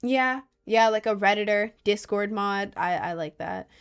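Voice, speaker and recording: A woman's voice: mid-range voice, measured pace, clean tone. A young adult woman streaming and chatting casually, reading viewer messages in a rambling way, with lots of fillers and frequent laughs.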